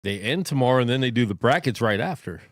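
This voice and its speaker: A man's voice: mid-range voice, lively intonation, fast talker, no room sound, studio quality. Matter-of-fact male podcast co-host. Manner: brief, matter-of-fact interjections. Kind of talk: casual chat.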